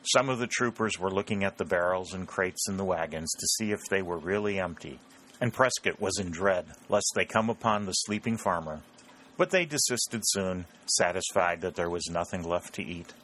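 A man with a deep, low voice narrates an audiobook at a measured, steady pace. A faint hiss sits under the reading.

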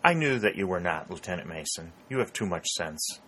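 A man voicing a shrewd, rotund elderly male war contractor who talks in a smooth, self-assured way. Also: low voice, sing-song, a little fast, sharp tone, slight background noise, full character voice, poor audio.

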